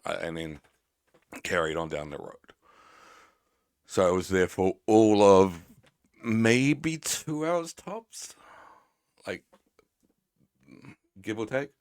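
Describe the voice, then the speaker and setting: A man streaming live, rambling and teasing his chat with plenty of swearing. His voice sits very low, and the sound is dry and close. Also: slow, long pauses, clean tone, no room sound.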